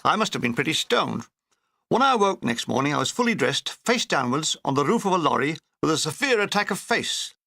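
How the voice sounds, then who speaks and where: A man's voice: fairly high pitch, big pitch swings, a little fast, vocal fry, bright, forceful tone, dry recording. A man reading a wartime memoir aloud in a dry, wry comic manner. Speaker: narrator.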